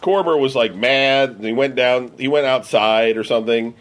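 A man's voice: medium pitch, moderate pace. A man from the US Midwest telling a rambling, profane story among friends, full of fillers. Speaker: podcast regular.

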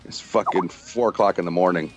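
A man's voice: sits low, expressive, normal speed, muffled recording. A man telling rambling stories in casual chat, swearing often and acting out quotes, tired from little sleep. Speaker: podcast regular.

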